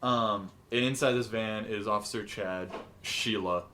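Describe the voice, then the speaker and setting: A man's voice: fairly low pitch, unhurried, noisy background. Co-host, male, dry sarcastic movie recap, casual podcast chat. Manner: deadpan, sarcastic, acts out quotes in silly voices.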